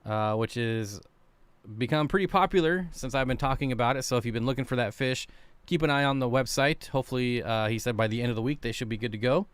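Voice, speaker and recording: A man hosting a casual live stream for an aquarium channel, chatting in a relaxed way and reading viewer comments aloud. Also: medium pitch, quick pace, smooth, dry recording.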